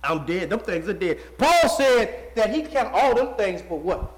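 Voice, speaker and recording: A man's voice: high voice, sing-song, a little slow. A man in his forties preaching a sermon in a folksy, conversational way, asking the congregation rhetorical questions. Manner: rhetorical call-and-response questions. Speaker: pastor.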